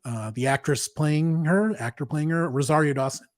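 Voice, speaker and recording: A man's voice: a little high, moderate pace, dry recording, clean studio sound. A man co-hosting a podcast, chatting casually as an enthusiastic fan who laughs easily. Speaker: podcast co-host. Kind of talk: casual chat.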